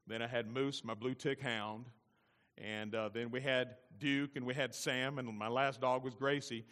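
A middle-aged man preaching a sermon as pastor, swelling to loud emphatic peaks and slowing down on key words. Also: medium pitch, steady tone, big-room sound.

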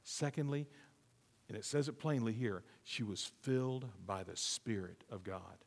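A man preaching a sermon as pastor, reading scripture and swinging from hushed asides to loud, emphatic repeated lines. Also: lowish voice, animated, unhurried, vocal fry. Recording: long reverb of a large room.

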